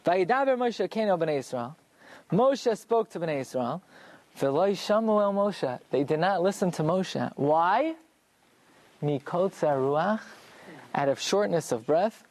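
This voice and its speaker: Animated man teaching a Torah class. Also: high-pitched, measured pace, dry recording. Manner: explains through rhetorical questions and answers them himself.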